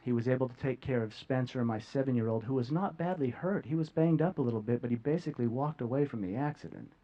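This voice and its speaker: Earnest man telling a talk, halting. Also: medium pitch, mellow, dull audio. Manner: halting, with repeated words and long pauses; earnest and heartfelt. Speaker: speaker sharing a near-death experience. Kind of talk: emotional public talk to an audience. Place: stage before a live audience.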